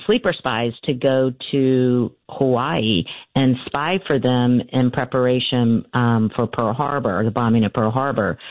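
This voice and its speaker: Interview guest, woman, halting storyteller; dry, slightly muffled lo-fi recording. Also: a bass voice, dry recording. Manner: halting, many fillers and restarts. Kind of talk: storytelling in conversation.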